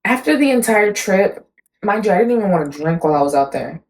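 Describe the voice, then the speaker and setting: A woman's voice: medium pitch, animated, fast talker, darkish tone, poor audio. A young woman chatting casually, chiming in with short reactions and telling her own story with offhand swearing. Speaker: podcast co-host. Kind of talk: casual chat.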